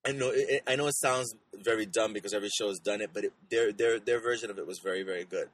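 A man co-hosting a podcast, chatting in an animated, gushing way about TV shows, rambling with restarts. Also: fairly low pitch, quick pace, breathy edge, poor audio. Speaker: podcast co-host. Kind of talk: casual chat about TV shows.

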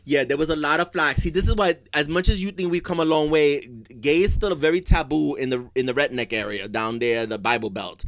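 A man co-hosting a casual chat show, talking in an excitable, dramatic, gossipy way. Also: a little high, a little fast, few pauses. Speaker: podcast co-host.

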